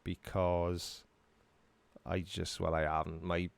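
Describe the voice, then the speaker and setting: Dry, sarcastic man, low voice. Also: level tone, slow pace, creaky, clean tone, dry recording. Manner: dry, sarcastic, self-mocking. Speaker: live stream host. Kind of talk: casual live Q&A chat.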